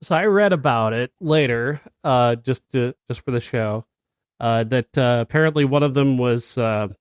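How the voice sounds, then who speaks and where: A film critic co-hosting a review podcast chats casually, bluntly, and with exasperation, laughing often. His voice is medium in pitch with a moderate pace and a clear, resonant tone. The studio-quality recording has no room sound.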